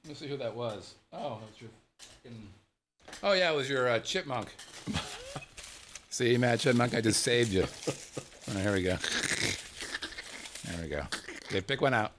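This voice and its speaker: A male podcast host in casual chat who jokes crudely and laughs often. His pitch moves freely up and down. There is faint noise behind him. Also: lively intonation, measured pace, pauses often.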